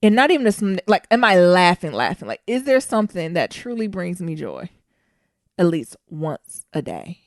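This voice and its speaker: Candid podcast co-host woman, lively voice. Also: fairly low pitch, normal speed, dry recording, studio quality. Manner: candid, animated, talks to listeners directly. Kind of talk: casual chat.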